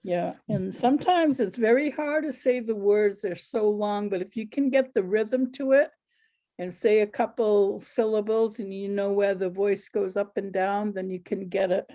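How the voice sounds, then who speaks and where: A woman storyteller answering audience questions over a video call in an unhurried, easygoing way. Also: medium pitch, mellow.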